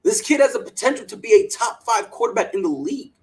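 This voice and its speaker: Animated sports podcast host, lively pitch. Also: fast talker, low-quality recording. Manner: animated and emphatic, repeats words, mocks others in quoted voices. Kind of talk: opinionated sports talk.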